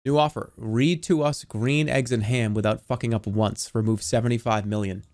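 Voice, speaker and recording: A man streaming, goofing around and swinging between low mumbles and shouts. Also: moderate pace. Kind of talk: livestream commentary.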